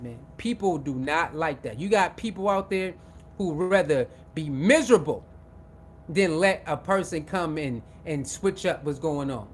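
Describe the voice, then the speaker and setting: Male commentator, high voice, loose animated monologue with faint background rumble. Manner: repetitive, animated, acts out quoted voices. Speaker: sports commentator.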